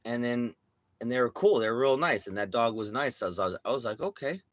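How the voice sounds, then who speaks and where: A man's voice: mid-range voice, fast talker, no echo. Rambling, foul-mouthed young man vlogging. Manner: rambling, profane storytelling. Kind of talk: casual vlog chat. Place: outdoors on a city street with his dog.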